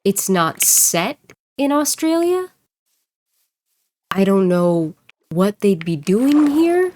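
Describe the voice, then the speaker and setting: A woman streamer and voice actor chatting casually while she plays, rambling and joking and quick to laugh. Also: mid-range voice, a little mellow, a little hiss or hum. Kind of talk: casual livestream chat while gaming.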